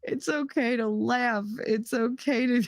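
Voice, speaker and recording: Woman, stream host, high and slow, dry close mic, keeps cracking up mid-story. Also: no room sound. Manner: laughing helplessly through her story. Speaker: livestream host. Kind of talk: casual storytelling chat. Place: room at home.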